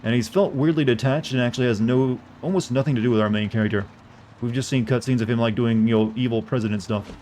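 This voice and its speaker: A man's voice: medium pitch, dark tone. Male streamer, casual running chat with viewers, talks in fits and restarts, faint noise behind. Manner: chatty, answers chat, halting restarts. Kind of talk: casual gameplay commentary.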